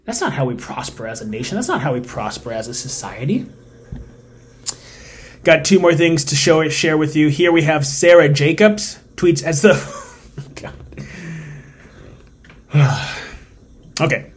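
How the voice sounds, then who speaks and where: Emphatic, opinionated podcast host, slightly high voice. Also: male voice, expressive, normal speed, a little hiss or hum. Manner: emphatic and opinionated, swinging between loud stresses and quiet asides; suppressing laughter while reading. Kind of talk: solo political commentary.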